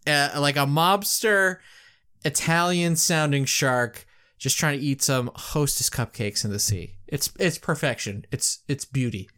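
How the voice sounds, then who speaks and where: A man co-hosting a podcast, telling a story with eager, animated bursts. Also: a little high, unhurried. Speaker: podcast co-host. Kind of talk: casual chat, retelling a commercial.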